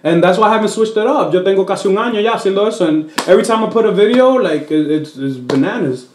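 Man from the Dominican Republic, comedian, high voice, bilingual chat, animated storytelling, echoey room. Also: quick pace, a little hiss or hum. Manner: switches between English and Spanish; animated, puts on voices while telling stories. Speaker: comedian guest. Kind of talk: casual interview chat.

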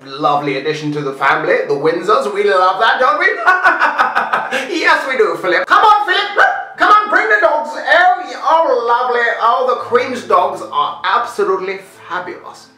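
A plummy, sing-song elderly queen, put on by a man in a high falsetto, bright and jaunty. The sound is roomy and a bit distant, with faint music underneath. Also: big pitch swings, moderate pace, heavily acted. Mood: chirpy regal. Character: elderly, regal British queen, plummy and chirpy. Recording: roomy, from afar, music behind.

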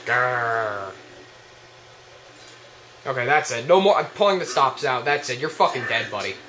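A young man commentating his own gameplay, swearing and yelling at the opponent. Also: medium pitch, lively intonation, fast, roomy sound, a little hiss or hum. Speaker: let's play gamer.

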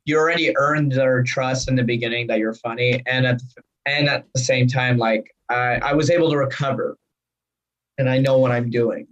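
A man's voice: medium pitch, steady tone, moderate pace, a bit bright, lo-fi sound. An American man, a stand-up comedian, chatting playfully as a podcast guest, laughing often and filling with "like". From United States, family from Yemen. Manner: laughing, playful, uses lots of "like". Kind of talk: casual interview chat.

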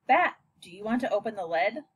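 Woman reading as a calm, patient mother. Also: medium pitch, a little fast, breathy edge. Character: patient adult mother, a veterinarian. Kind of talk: audiobook reading.

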